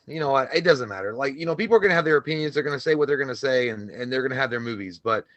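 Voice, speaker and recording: A man's voice: mid-range voice, animated, rapid-fire, a bit bright, dry recording, highs cut off. A man co-hosting a casual movie podcast, ranting heatedly and profanely with lots of restarts. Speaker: co-host.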